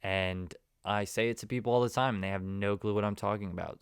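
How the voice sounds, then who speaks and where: A man hosting a casual solo podcast, rambling along and breaking into sudden loud, emphatic bursts. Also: on the low side, fairly even intonation, brisk, few pauses, clear, resonant tone, no echo, studio quality. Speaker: podcast host.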